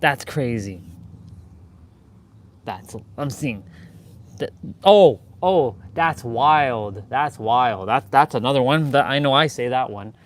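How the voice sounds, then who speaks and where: Slow-talking young man chatting mid-workout. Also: medium pitch, animated. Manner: loose, joking, swears, repeats himself. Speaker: fitness vlogger. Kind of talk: casual chat while working out.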